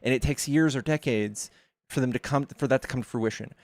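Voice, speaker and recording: A man's voice: medium pitch, brisk, no room sound. A man hosting a casual online debate, blunt and profane, leaning on statistics. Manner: blunt, swears, cites data. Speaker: debate streamer.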